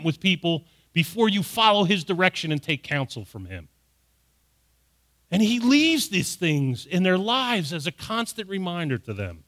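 A man's voice: high-pitched, big pitch swings, a little slow, fairly bright tone. A middle-aged man preaching a sermon, reading scripture aloud and then explaining it with rising emphasis. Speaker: pastor.

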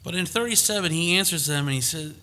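Man, sermon, bright ringing voice, fairly high, conversational preaching, emphatic peaks. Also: fast talker.

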